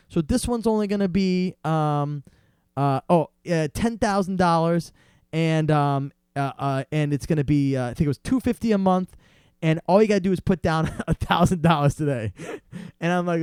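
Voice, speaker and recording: A man's voice: a little high, normal speed, clear, resonant tone, no room sound, studio quality. A young man, a podcast guest, telling a long story in casual chat and acting out other people's lines as he goes. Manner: animated, acts out salesmen's voices in quotes.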